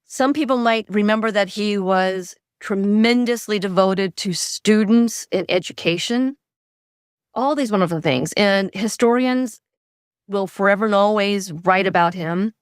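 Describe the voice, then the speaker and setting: A middle-aged woman, a guest author, telling stories in an animated way and acting out quoted dialogue. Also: mid-range voice, unhurried, clear, resonant tone, no echo, studio quality. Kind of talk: conversational storytelling.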